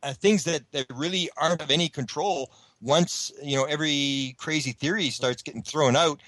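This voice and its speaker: A man's voice: on the high side, normal speed, fairly bright tone, dry recording, rough recording. A man being interviewed on a radio show, talking at length in a rambling way with many restarts. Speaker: guest researcher.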